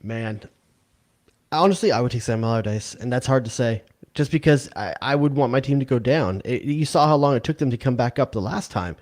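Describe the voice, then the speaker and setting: A man's voice: medium pitch, a little fast, a little mellow. A man co-hosting a soccer podcast, talking casually and with slang, often stammering and repeating words. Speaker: podcast co-host. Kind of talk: casual sports debate.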